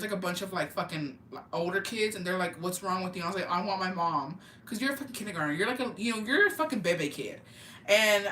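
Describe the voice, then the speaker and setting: Brief: young woman vlogger, animated, swears constantly, bright voice, roomy echo. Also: mid-range voice, a little hiss or hum. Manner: profane, animated, slangy storytelling. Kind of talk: storytime vlog. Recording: echoey room, mic at a distance, faint ambience.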